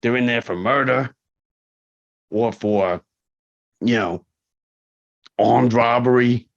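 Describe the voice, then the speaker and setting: Animated man in his forties, lo-fi audio. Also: medium pitch, slow. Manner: animated, acts out quoted people, frequent fillers. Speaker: corrections officer, podcast guest. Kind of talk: casual interview storytelling. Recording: dull lo-fi podcast audio.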